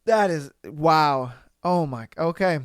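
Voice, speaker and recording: Profane, animated male podcast host. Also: fairly high pitch, slow, no echo, clean studio sound. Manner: profane, animated, reacts loudly, laughs often. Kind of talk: casual solo commentary on reader posts.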